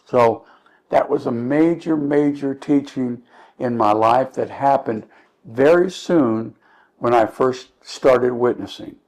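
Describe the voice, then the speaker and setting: A middle-aged man, a street evangelist, telling a personal testimony in an earnest, halting way with many restarts. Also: medium pitch, darkish tone, low-quality recording.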